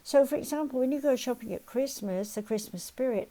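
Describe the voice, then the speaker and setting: An older woman counselor speaks briskly in a high voice with hardly any pauses, captured on poor audio. In her lesson she animatedly takes listeners through exercises step by step and acts out common everyday worries.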